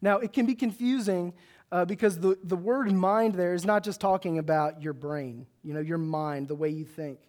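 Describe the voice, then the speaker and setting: A young man with a loud, big voice delivers a sermon from the pulpit, pitched high for a man. He tells stories with animated, self-mocking humor. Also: normal speed. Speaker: preacher.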